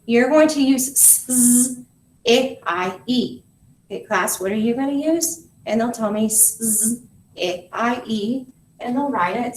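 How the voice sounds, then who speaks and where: A woman grammar school teacher walking parents through a spelling lesson, sounding out syllables and letters slowly and deliberately. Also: fairly high pitch, roomy sound, distant mic, rough recording.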